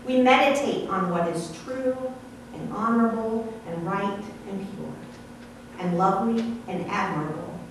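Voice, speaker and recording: A woman pastor giving a sermon in a measured, explaining way with light asides, in a church sanctuary. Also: mid-range voice, a little hiss or hum. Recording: echoey hall from far off.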